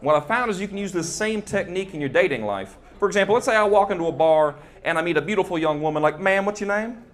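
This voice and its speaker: A man's voice: on the high side, animated, quick pace, hardly any pauses. A young man performing a stand-up set on a club stage into a handheld mic, chatty and working the crowd with frequent "right?". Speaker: stand-up comedian.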